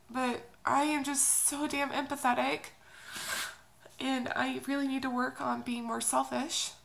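A young woman from Oklahoma, crying as she talks through an emotional personal update in a halting, confessional way. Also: high-pitched, gravelly, a bit bright, rough recording. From Oklahoma, USA. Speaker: vlogger.

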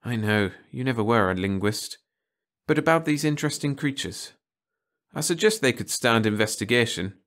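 A stern, cautious alien hunter in a storybook reading, measured and firm as he corrects his partner, as a man puts him on. The voice stays near an everyday male voice. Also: mid-range voice, expressive, fairly bright tone, close to an everyday voice.

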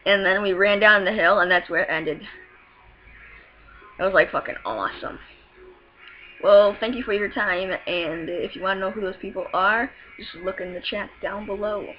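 A woman's voice: mid-range voice, moderate pace. A woman telling a story in a rambling, profane, giggly way, in casual storytelling. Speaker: vlogger. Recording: muffled lo-fi with faint hiss.

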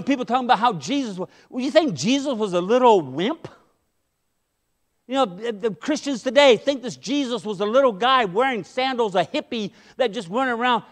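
A middle-aged man preaching a sermon as pastor, impassioned, swinging between loud emphasis and hushed asides. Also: very high-pitched.

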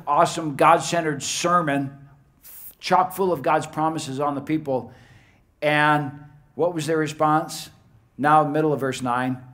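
A man preaching a verse-by-verse Bible teaching sermon, stressing key words by slowing down and often repeating phrases as he explains. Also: a little high. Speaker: pastor.

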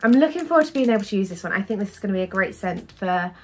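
A woman's voice: medium pitch, lively intonation, rapid-fire, breathy edge. A young woman in a casual haul vlog, talking in a chatty, rambling way full of fillers. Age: young adult. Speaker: vlogger.

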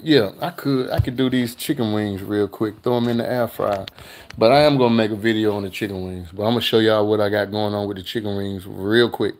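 An older man hosts a live cooking stream, easygoing and talkative. His voice sits at an ordinary middle pitch, and he keeps up a loose, slangy chat with viewers while greeting them and reading their comments out loud. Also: moderate pace. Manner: laid-back with slangy asides. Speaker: cooking channel host.

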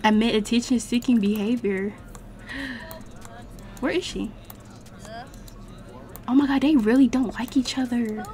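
A young woman giving casual, slangy let's-play commentary as the channel host, chatting and reacting loudly to the game. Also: on the high side, steady tone, a little slow, long pauses, slight background noise.

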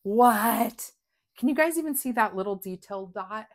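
A woman chatting through a craft unboxing, gushing with excitement and dropping to whispers. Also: mid-range voice, brisk. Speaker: crafting vlogger. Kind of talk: casual unboxing chat.

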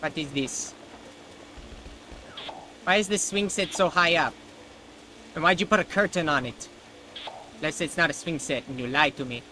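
A man's voice: on the high side, moderate pace, long pauses, sharp tone, slight background noise, poor audio. A man hosting a let's play, giving casual gameplay commentary with sarcastic jokes aimed at the game. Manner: sarcastic and jokey, talks back to the game.

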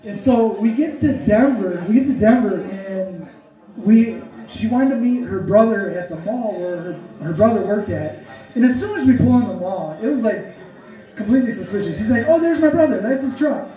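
A man telling a comic story, rambling and animated with many fillers. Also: high voice, normal speed. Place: storytelling event hall. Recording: echoey room, distant dull mic.

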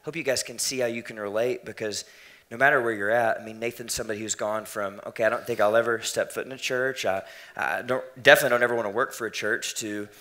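A man's voice: on the low side, fairly even intonation, quick pace, bright, forceful tone. A man interviewing a guest on a church stage, playful and encouraging in a casual chat. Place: church stage before an audience.

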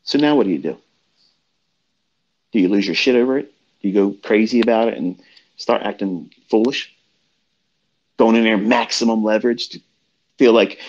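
A man's voice: on the low side, expressive, a little slow, long pauses, highs cut off. A man giving a blunt, profane motivational rant as a trading mentor, lecturing his listeners, his voice jumping up when he gets worked up. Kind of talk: profane motivational rant on a live audio chat.

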